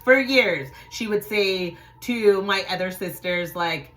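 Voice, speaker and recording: A middle-aged woman telling a personal story to viewers in a blunt, profane way, acting out quotes with sudden loud shouts. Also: mid-range voice, slow.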